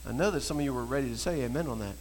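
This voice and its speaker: A man preaching a sermon, telling a story and swinging from quiet storytelling to shouted exhortation. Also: mid-range voice, racing, a little hiss or hum, low-quality recording. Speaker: pastor.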